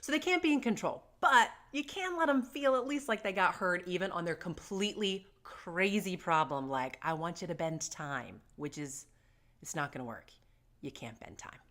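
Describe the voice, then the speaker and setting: Lively, joking woman in midlife. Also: medium pitch, normal speed. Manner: joking, self-deprecating, animated storyteller. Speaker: parenting vlogger. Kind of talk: casual advice to camera.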